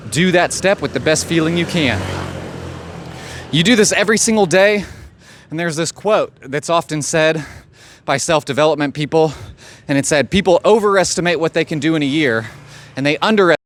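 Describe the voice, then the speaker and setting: A man's voice: a little high, moderate pace. A man giving a blunt, profane motivational monologue as a life coach. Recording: faint street noise behind.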